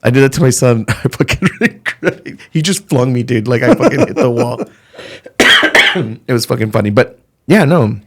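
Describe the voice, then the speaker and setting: A man's voice: medium pitch, expressive, normal speed, a bit bright. A middle-aged man, a comedian guest on a podcast, telling blunt, profane, rambling stories in casual chat.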